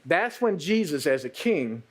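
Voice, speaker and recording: A male pastor delivering a sermon in a high, very lively voice that climbs and falls through an animated retelling. He speaks straight to the women in the room. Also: a little slow, husky. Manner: animated storytelling, addresses the women directly.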